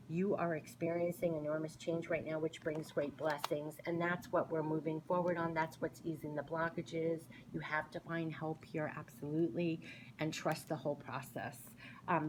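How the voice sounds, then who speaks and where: A woman's voice: deep voice, a little hiss or hum, poor audio. A woman doing a casual spiritual card reading, earnestly reading card messages aloud between her own remarks. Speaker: tarot reader.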